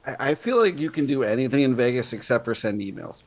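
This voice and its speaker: Podcast cohost dude, mid-pitched voice, sarcastic profane rants about football teams. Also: male voice, animated, quick pace. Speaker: podcast co-host. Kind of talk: casual sports banter.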